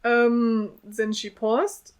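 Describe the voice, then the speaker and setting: A woman's voice: fairly high pitch, steady tone, smooth, faint music behind. Chatty woman podcast co-host. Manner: laughs often, quick chatty asides. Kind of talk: casual chat and group reading.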